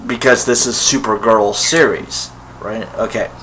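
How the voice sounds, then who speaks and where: A man with a bright, forceful voice speaks slowly and unhurriedly to camera in a casual vlog. He rambles with enthusiasm, full of ums and restarts. A faint hum sits behind him. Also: on the low side, poor audio. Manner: rambling, enthusiastic fan talk with many fillers. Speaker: vlogger. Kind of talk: casual solo vlog commentary.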